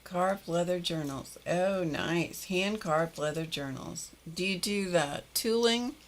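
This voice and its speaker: An older woman hosts a live stream and talks with her viewers in a relaxed, slow way. Her voice sits a little low and she laughs easily as she greets people by name. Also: a little hiss or hum. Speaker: livestream host greeting viewers. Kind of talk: casual chat reading viewer comments.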